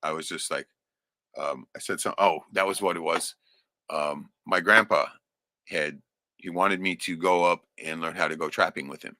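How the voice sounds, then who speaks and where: Deep, bright-toned man telling a rambling story. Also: steady tone, moderate pace, dry recording, studio quality. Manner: rambling, profane, says "right?" often; laughs often while telling. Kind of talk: casual personal storytelling.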